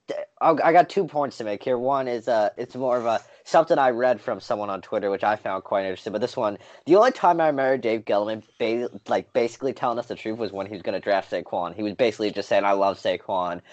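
A man's voice: mid-range voice, a little mellow. A man co-hosting a podcast in casual sports chat, explaining his points at length, one by one. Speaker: podcast co-host. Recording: dull lo-fi mic.

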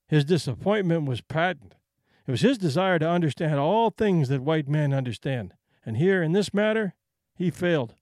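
Man reading a story aloud, fairly high voice, lots of pitch movement. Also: dry recording, studio quality. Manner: measured, expressive storytelling. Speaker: narrator. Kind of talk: scripted story narration.

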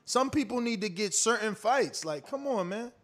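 A man's voice: sits high, animated, normal speed, a bit bright. A man hosting a boxing livestream, talking loosely and emphatically, swearing often and rambling. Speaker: boxing podcast host. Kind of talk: casual livestream chat.

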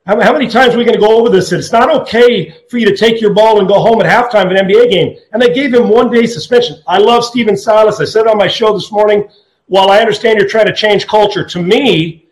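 A man hosting sports talk radio, blunt and opinionated, talking fast with many restarts. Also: high-pitched, roomy sound, low-quality recording.

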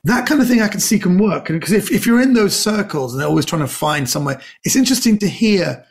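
Guy spinning stories, slightly high gravelly voice, acts out everybody's lines. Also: quick pace. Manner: animated anecdote-telling, acts out other people's lines. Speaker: guest comedian. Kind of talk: casual storytelling interview.

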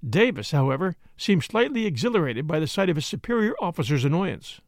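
A man reading a classic mystery novel aloud in measured, scripted narration. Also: a little high, very animated, gravelly, no echo, studio quality. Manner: measured storytelling. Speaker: audiobook narrator.

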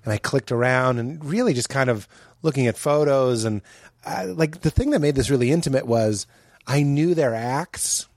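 A man's voice: medium pitch, normal speed, darkish tone, dry recording, clean studio sound. Earnest, reflective male comedian guest. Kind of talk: casual podcast chat.

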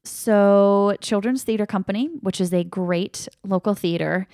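A woman's voice: mid-range voice, steady tone, a little slow, warm tone, no room sound, studio quality. Chatty woman podcast co-host. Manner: chatty, playful and laughing. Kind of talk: casual chat.

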